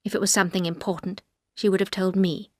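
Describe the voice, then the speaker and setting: A woman's voice: mid-range voice, level tone, fast, dry recording, natural voice. Woman voicing a cold severe older housekeeper, clipped speech, dry read, storybook.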